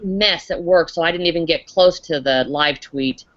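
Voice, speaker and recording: A woman's voice: sits low, moderate pace, a bit bright. A woman from Kansas with a Midwestern accent, chatting casually in a discussion group and trailing off mid-sentence. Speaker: podcast discussion group member. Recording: lo-fi call audio.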